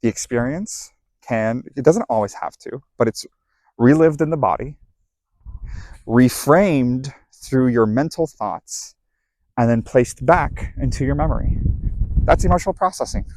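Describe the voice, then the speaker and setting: A man's voice: mid-range voice, expressive, measured pace, darkish tone, slight background noise, rough recording. A man giving a heated, blunt, profanity-laced motivational talk about emotional processing. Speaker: self-help speaker. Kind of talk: motivational monologue.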